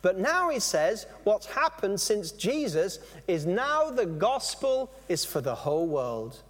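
A man preaching a sermon, animated, stopping and restarting phrases as he explains. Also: high voice, slow, big-room sound. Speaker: pastor.

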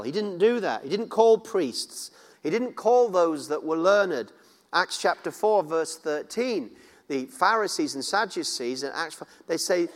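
Preacher in a reverberant hall. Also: male voice, high-pitched, animated, unhurried. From northern England. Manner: conversational, many restarts and repetitions, playful asides. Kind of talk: sermon.

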